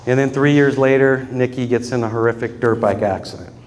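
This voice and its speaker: A man's voice: mid-range voice, steady tone, brisk, big-room sound. A man giving a eulogy for his father, telling personal stories in an earnest way and often breaking into laughter. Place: funeral gathering in a room with mourners.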